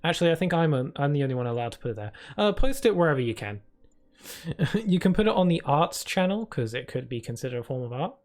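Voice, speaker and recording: A man's voice: fairly high pitch, expressive, fast talker, darkish tone. A man streaming a video game, chatting casually and playfully with his viewers, full of filler words and restarts. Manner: chatty, playful, answers chat with many fillers. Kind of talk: casual live-stream chat. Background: game music.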